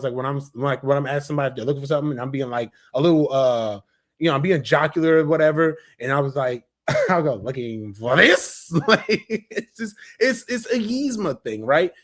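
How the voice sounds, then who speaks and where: A young adult man giving a casual, enthusiastic movie review, chatty and full of fillers and restarts. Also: fairly high pitch.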